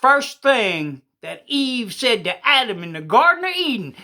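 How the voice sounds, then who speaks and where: A man putting on a showy male church preacher, speaking loudly in a raised voice. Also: sing-song, measured pace, full character voice. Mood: solemn. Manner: loud, high preaching voice.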